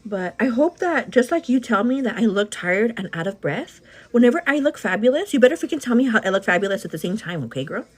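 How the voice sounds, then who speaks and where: Thirties woman, livestream beauty host, chatty and hyperactive, a bit out of breath, husky and animated. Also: on the high side, fast talker. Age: 30s. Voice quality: energetic, hyperactive delivery. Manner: chatty, calls viewers "girl", answers comments. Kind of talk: casual livestream chat.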